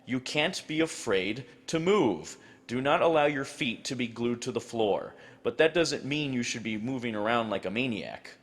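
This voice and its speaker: A man narrating an instructional video on acting, measured and explanatory. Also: mid-range voice, lively intonation.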